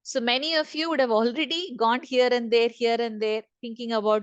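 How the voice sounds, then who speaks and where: A woman's voice: a little high, steady tone, brisk, hardly any pauses, smooth, no echo, lo-fi sound. A woman trainer leading an online session, repeating key points and asking the group questions. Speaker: corporate trainer. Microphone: video call.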